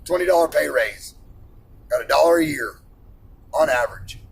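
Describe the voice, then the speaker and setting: A blunt, profane man in his forties rants in a high, gravelly voice. He preaches hard about responsibility, and faint vehicle noise hums behind him. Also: animated, normal speed, low-quality recording. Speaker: iron worker ranting on camera. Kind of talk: profane personal rant.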